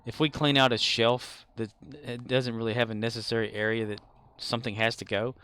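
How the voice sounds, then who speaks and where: A man's voice: medium pitch, little pitch movement, brisk, bright, forceful tone, smooth. A man streaming a game, chatting casually with viewers in a rambling way and chuckling often. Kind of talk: casual live-stream chat.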